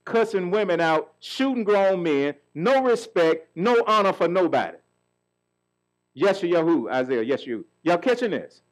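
A man's voice: high voice, big pitch swings, normal speed, rough recording. A middle-aged man preaching a sermon as pastor, calling out questions for the congregation to answer. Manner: call-and-response preaching, asks the congregation questions.

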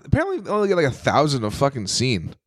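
A man's voice: mid-range voice, huge pitch swings, racing, no room sound, studio quality. A young man co-hosting a podcast, riffing through crude comedy bits and acting out characters in his stories. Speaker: podcast co-host. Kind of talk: casual crude comedy banter.

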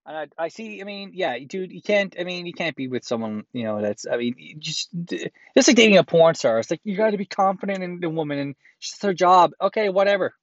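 A man's voice: high voice, expressive, fairly quick, no echo, dull audio. A man reads a listener's letter aloud and breaks in with crude, profane, sarcastic comments. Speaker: host reading a listener's letter.

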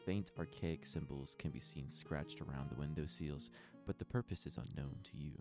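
A man's voice: rumbling low, normal speed. A man acting as game master, reading out scene descriptions for a tabletop game and now and then stumbling and correcting himself. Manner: reads descriptions with small stumbles and restarts. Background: plucked guitar music.

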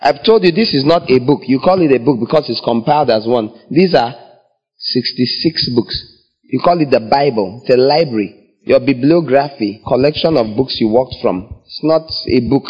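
Delivering a sermon with theatrical flair, a man voices the characters in the scenes he acts out. He has a husky, medium-pitched voice at normal speed, heard through dull lo-fi audio.

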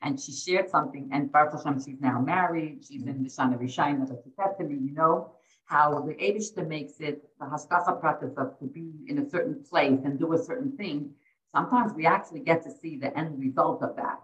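A woman's voice: low-pitched, brisk. A middle-aged woman and dating coach, telling heartfelt stories in a podcast interview and sprinkling in Yiddish and Hebrew terms. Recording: echoey, distant, dull lo-fi audio.

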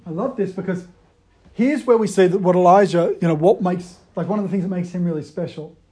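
A man giving a conversational sermon, moving between loud emphasis and quiet, hushed retellings. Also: high-pitched, a little fast. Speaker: preacher.

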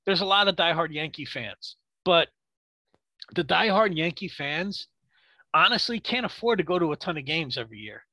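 A man co-hosting a sports podcast, ranting in a heated, profane way with rapid rhetorical questions. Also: on the high side, expressive, bright, forceful tone, no room sound. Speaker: podcast co-host.

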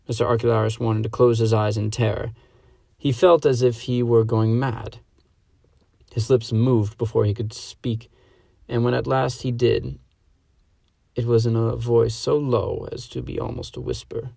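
Male narrator for a dramatic story reading, heavy vocal fry, dry close sound, measured and hushed. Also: mid-range voice, fairly even intonation, no room sound.

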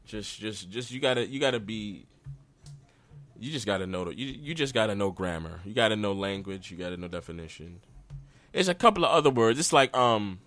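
Young male podcast host, slightly low voice, blunt slangy rambling with constant restarts. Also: a bit bright, no echo. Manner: loose and repetitive, restarts often, slangy and blunt. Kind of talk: casual solo podcast rant.

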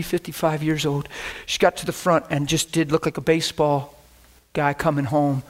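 A man delivers a storytelling sermon in a somewhat high voice, telling animated stories and acting out scenes. He breaks into laughter and swings between shouts and whispers.

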